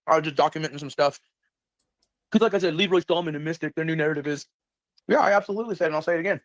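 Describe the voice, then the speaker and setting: A man's voice: fairly high pitch, very fast, no room sound. A man talking indignantly on a livestream, repeating himself. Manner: indignant, repetitive. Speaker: streamer. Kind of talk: livestream rant.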